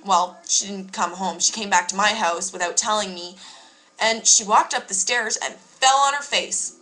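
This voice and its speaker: Bright-voiced young woman telling a story. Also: medium pitch, moderate pace, low-quality recording. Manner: candid, emphatic, swears freely. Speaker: vlogger. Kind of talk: casual storytelling to camera.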